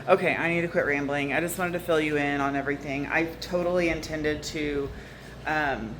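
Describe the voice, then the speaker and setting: A woman's voice: deep voice, fairly even intonation, normal speed, background noise. A woman with a Southern US accent, chatting casually to camera as a vlogger and rambling along with small laughs.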